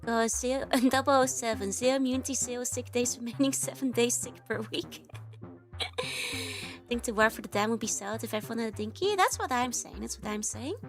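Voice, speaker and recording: Giggly high-voiced woman vtuber saying hi to chat, a bit sick still, faint music behind. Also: fairly even intonation. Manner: bubbly, giggly, rapid repeated greetings. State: recovering from a cold, coughing. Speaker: VTuber streamer. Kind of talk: live-stream chat with viewers.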